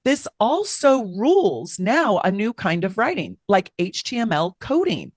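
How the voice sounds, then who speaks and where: A woman astrologer hosting a casual chat, telling stories in an animated, talkative way. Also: mid-range voice, a little slow, husky, no room sound, studio quality. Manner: chatty, animated storyteller. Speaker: astrologer host.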